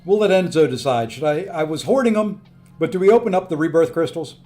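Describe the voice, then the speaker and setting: A man's voice: on the high side, expressive, quick pace, darkish tone, faint music behind. A tired, upbeat man live-streaming a video game, chatting casually and thanking viewers by name as he plays.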